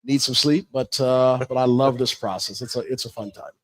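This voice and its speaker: A man's voice: mid-range voice, steady tone, normal speed, no echo. A man, a football head coach, chatting casually on a live show, easygoing and laughing often, tired, trailing off with fillers.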